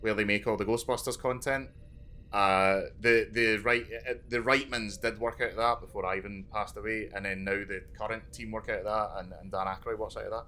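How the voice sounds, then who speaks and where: A man's voice: lowish voice, pushed and bright. A man co-hosting a podcast, chatting eagerly with lots of stammered restarts. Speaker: podcast co-host. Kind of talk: casual chat.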